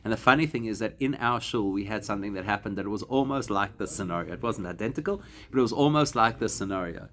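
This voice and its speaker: Rabbi teaching a Talmud class. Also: male voice, on the low side, a bit bright. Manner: explanatory, slows to spell out Hebrew and Aramaic words. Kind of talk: classroom lesson to a live group.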